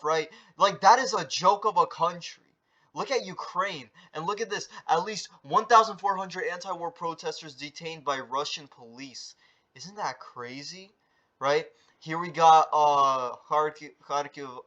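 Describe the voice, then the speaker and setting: A man's voice: fairly high pitch, sharp tone, muffled recording. A man vlogging a casual news update, rambling with lots of fillers, swearing and tag questions, and reading headlines aloud. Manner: rambling, filler-heavy, swears, keeps asking "right?".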